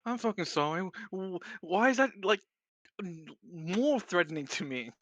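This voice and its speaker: A young man playing a tabletop game, casual and swearing, narrating his own character in quick bursts. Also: high voice, animated, fairly bright tone, a little hiss or hum. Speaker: player.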